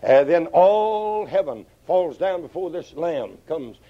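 Preacher man on a dull old tape. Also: takes it slowly. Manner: animated, sweeping pitch swings, quotes scripture in old English. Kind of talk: sermon.

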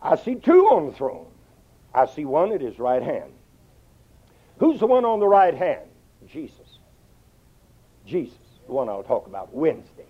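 A man's voice: a little slow, pauses often, slightly rough. Preacher man on a dull old tape. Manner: animated, sweeping pitch swings, quotes scripture in old English. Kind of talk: sermon.

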